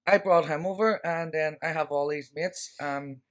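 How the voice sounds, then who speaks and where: A man on a podcast, rattling off stories in loose, profane, slangy chat. His voice sits on the higher side for a man. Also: moderate pace. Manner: animated anecdotes, slangy and profane. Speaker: podcast co-host. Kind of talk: casual chat, storytelling.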